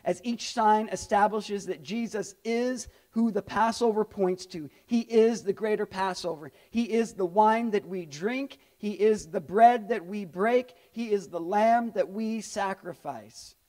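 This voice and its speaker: A middle-aged male pastor preaching a lively sermon, often acting out the voices of people in the story. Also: sits high, a little slow, hardly any pauses.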